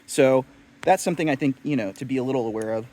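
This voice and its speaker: A man's voice: mid-range voice, fast talker, darkish tone, a little hiss or hum. A young man chatting casually in a video review, rambling with lots of fillers and self-deprecating asides. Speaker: knife reviewer.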